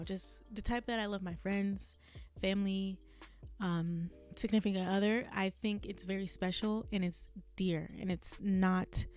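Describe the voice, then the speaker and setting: A woman's voice: mid-range voice, darkish tone. A young woman hosting a solo podcast, venting in a candid, rambling way, swearing freely and laughing at herself, her voice strained from a long day of recording. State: strained, burning vocal cords. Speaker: podcast host.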